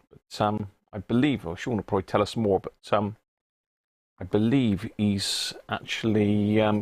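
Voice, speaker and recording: A man's voice: lowish voice, dry recording. A middle-aged man hosts a casual live stream from his home workshop, chatting, greeting viewers by name and chuckling often. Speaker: livestream host.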